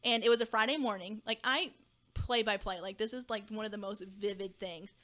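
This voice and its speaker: A young woman from Kentucky, a teacher appearing as a podcast guest, speaks briskly at medium pitch. In animated conversation she tells a personal story, acting out past dialogue.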